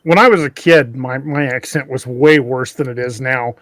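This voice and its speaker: A man hosting a podcast, joking around and telling stories in an animated way. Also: medium pitch, normal speed. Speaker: podcast host. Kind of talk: casual podcast conversation.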